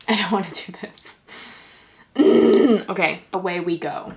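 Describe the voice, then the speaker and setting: A woman's voice: fairly low pitch, slow, pauses often, a little hiss or hum. A young woman who reads fan fiction aloud, mocking it with sarcastic asides and breaking into laughter often. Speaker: YouTuber.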